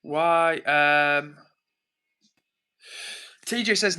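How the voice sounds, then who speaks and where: A man's voice: a little high, fairly even intonation, moderate pace, pauses often, bright, forceful tone. A man streaming live, reading viewer messages aloud and answering them defensively. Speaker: livestreamer reading chat. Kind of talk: casual livestream chat.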